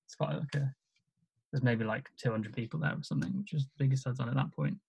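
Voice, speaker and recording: A man's voice: medium pitch, fast, creaky, a little mellow, breathy edge. A man, a stand-up comedian, chatting casually and self-deprecatingly about his gigs. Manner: self-deprecating, modest, chuckles while telling stories. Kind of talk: casual chat.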